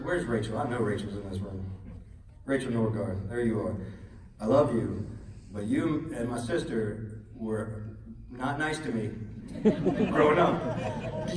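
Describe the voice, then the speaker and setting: A man's voice: on the high side, background noise. Chuckling man telling stories in an echoey hall. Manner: self-deprecating, chuckling often, earnest. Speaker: son giving a memorial tribute. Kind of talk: humorous eulogy storytelling. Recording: echoey hall recorded from far off.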